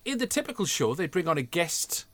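A man chats and jokes in a lively, sweary way, full of mock outrage. His voice sits a little high and swings widely in pitch as he tells the story. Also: a little fast. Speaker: podcast co-host. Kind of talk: casual comedic chat reviewing an old TV show.

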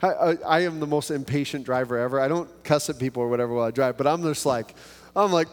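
A man's voice: on the high side, quick pace, long reverb tail. A man preaching a sermon in a casual, self-mocking way, acting out little prayers and conversations. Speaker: pastor.

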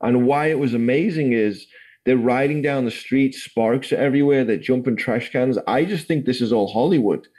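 A man's voice: medium pitch, moderate pace, darkish tone, rough recording. An English man in his forties, telling his life story in a rambling, casual way full of fillers. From England. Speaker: guest. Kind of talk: casual testimony interview.

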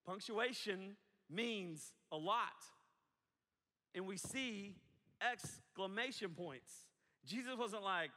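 A man delivering a sermon with a bright, ringing, fairly high voice. He talks in a loose, conversational way, full of asides and acted-out quotes. The room is a large hall with a long echo. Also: slow. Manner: animated and conversational, acts out quotes, casual asides. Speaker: pastor.

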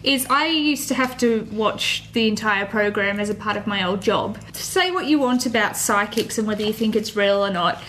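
A woman's voice: mid-range voice, moderate pace, few pauses, fairly bright tone, a little hiss or hum. A woman co-hosting a casual podcast, talkative and enthusiastic.

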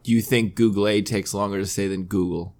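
A man's voice: fairly low pitch, steady tone, brisk, a little mellow. A young man hosting a podcast with his mother, chatting casually and playfully needling her. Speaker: podcast host. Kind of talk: casual chat.

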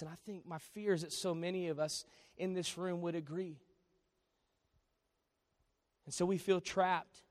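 A man preaching a sermon as pastor, swinging between quiet confession and loud storytelling. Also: high voice, no room sound.

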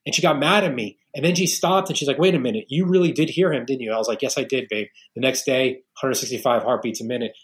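A man's voice: mid-range voice, fast, hardly any pauses. A man from New York in his forties, a podcast guest telling personal stories in earnest, casual talk with frequent restarts. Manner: earnest storytelling, many restarts.

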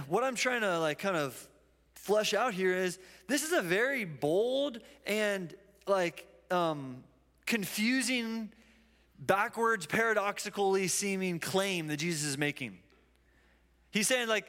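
A man with a notably high voice gives a sermon in a relaxed, conversational way. He tells stories and acts out the lines of the people in them. His voice carries through a hall with a long echo. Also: normal speed. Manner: conversational, storytelling with acted quotes. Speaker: pastor. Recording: reverberant hall.

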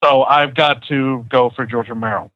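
A man's voice: medium pitch, steady tone, moderate pace. A man on a casual podcast panel, arguing his pick in an emphatic way. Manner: emphatic, argumentative. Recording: dull dry lo-fi sound.

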